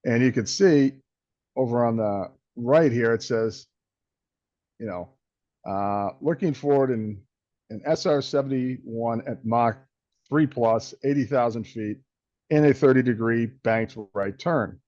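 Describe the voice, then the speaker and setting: A man's voice: medium pitch, a little slow, darkish tone, dry recording. Easygoing male host, slightly dull dry sound. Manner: easygoing, reacts with short affirmations. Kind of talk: casual interview chat.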